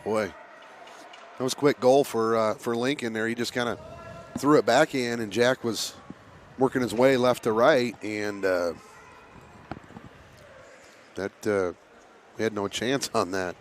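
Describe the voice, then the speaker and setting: Raspy-voiced hockey announcer, a man. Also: mid-range voice, steady tone, unhurried, long pauses, a little hiss or hum. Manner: clears throat often, casual with filler words. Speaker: play-by-play announcer. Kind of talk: amateur hockey commentary.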